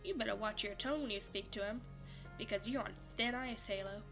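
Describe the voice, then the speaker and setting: A woman's voice: mid-range voice, fairly quick, over music, natural voice. A woman voicing a cold, furious young woman who harshly accuses and threatens someone to protect a friend in a visual novel.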